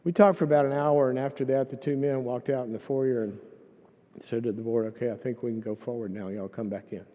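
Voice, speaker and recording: A man's voice: mid-range voice, fairly even intonation, a little fast, mellow. A man preaching a sermon in a conversational, storytelling way, acting out the voices of people in his stories. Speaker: guest speaker. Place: large church hall. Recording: long hall reverb.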